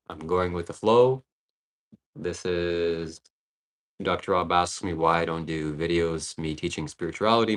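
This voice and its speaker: A man's voice: deep voice, poor audio. A man on a livestream reading out chat messages and answering them in a laid-back, philosophical way.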